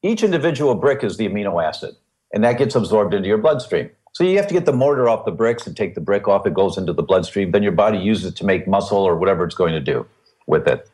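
Animated older-sounding man explaining with analogies. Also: on the low side, fast. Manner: animated, teacherly, explains with vivid analogies and repetition. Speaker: guest expert on gluten and health. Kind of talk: explanatory podcast interview.

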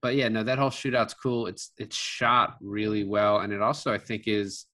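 A man's voice: lowish voice, fairly even intonation, moderate pace, sharp tone. A man casually reviewing a film with a co-host, rambling with many fillers and restarts. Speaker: podcast co-host. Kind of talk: casual movie review chat.

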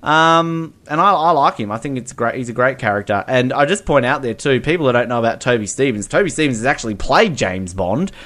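A man in a loose, chatty film talk, rambling from point to point with plenty of ums. Now and then he slips into playful voices. His pitch sits in an ordinary middle range. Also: expressive, brisk, hardly any pauses, a bit bright. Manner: rambling, many ums, bursts into playful impressions. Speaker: podcast co-host. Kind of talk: casual film review chat.

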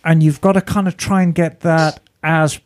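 A man's voice: fairly high pitch, moderate pace. A man co-hosting a motorcycle podcast, explaining repairs in casual chat. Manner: animated, explaining mechanics, teasing. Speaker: podcast co-host.

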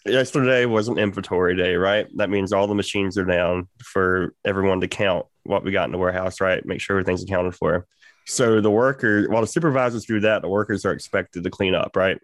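A man's voice: deep voice, fairly even intonation, fairly quick, no room sound. A man hosting a podcast, telling a rambling, profane story in a laid-back way. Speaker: podcast host. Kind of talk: casual storytelling chat.

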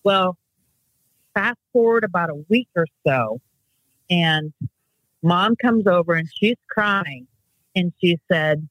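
A woman's voice: fairly low pitch, animated, slow, long pauses, a bit bright, dry recording, rough recording. A woman telling a family story in casual conversation, rambling and correcting herself as she goes. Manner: rambling, self-correcting, acts out quotes.

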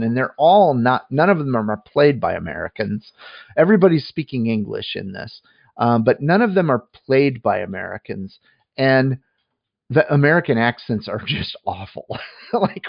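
A man's voice: medium pitch, creaky, dry recording, lo-fi sound. A man casually reviewing a movie on a podcast, talking in a rambling way with many restarts and fillers.

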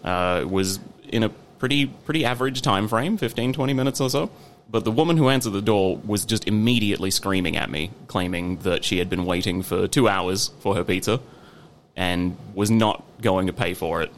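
A man's voice: on the low side, normal speed, slight background noise. A man co-hosting a podcast, telling a work story in a dry, casual way. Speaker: podcast co-host. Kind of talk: casual chat.

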